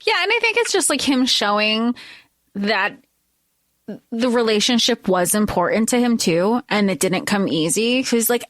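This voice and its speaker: A woman with a high voice that swings widely in pitch co-hosts a casual book podcast. She is expressive and quick to laugh, and her voice swoops up when she quotes characters. The sound is close and dry, with no room echo. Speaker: podcast co-host.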